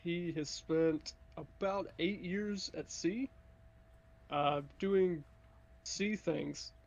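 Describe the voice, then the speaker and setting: A man's voice: high voice, drawn-out words, vocal fry. A man playing in a tabletop game, dry and matter-of-fact. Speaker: player. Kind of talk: casual tabletop game chat.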